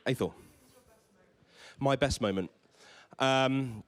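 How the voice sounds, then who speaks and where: Male presenter, conference talk before a live crowd, eager, trips over his words, mid-pitched voice. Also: slow pace, pauses often. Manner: enthusiastic, stammers and repeats words. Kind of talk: conference talk with audience questions. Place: event stage before a live audience.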